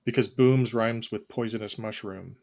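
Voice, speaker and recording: A man's voice: fairly low pitch, steady tone, moderate pace, creaky, a little mellow. A man hosting a trivia game, reading questions and answers with dry, wry humor. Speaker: quizmaster host.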